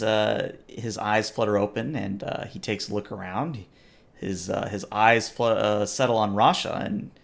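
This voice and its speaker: Gravelly game master, full of "uh"s. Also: male voice, fairly low pitch. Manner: hesitant, lots of filler "uh". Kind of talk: narrating a tabletop game.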